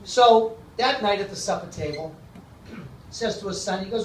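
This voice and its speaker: A man's voice: high voice, expressive, moderate pace, slight background noise. A man telling jokes on stage in a comedy club, folksy, putting on voices for the people in them. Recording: echoey club from far off.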